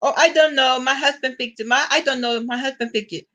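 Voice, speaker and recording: A woman's voice: high-pitched, brisk, pushed and bright, pitched above the performer's own voice. A woman mimicking a breezy Filipina coworker with a Filipino accent. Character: nonchalant female Filipina coworker, potluck cook.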